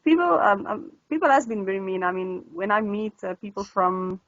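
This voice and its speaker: A woman's voice: medium pitch, animated, a little fast, dry recording. A woman in her thirties from South Africa, a native Afrikaans speaker with a South African accent, chatting casually in an interview as a language tutor and laughing often. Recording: dull lo-fi dry sound.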